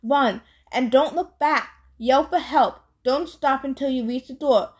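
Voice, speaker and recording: A woman's voice: sits high, unhurried. A woman reading aloud and voicing a frightened mother urging her son to run, tense and insistent. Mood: urgent. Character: fearful, protective mother.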